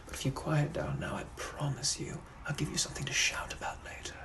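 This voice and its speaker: A man voicing a suave, menacing 1800s British gentleman with a British accent, in whispered role-play, purring and teasing. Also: medium pitch, very animated, brisk, gravelly.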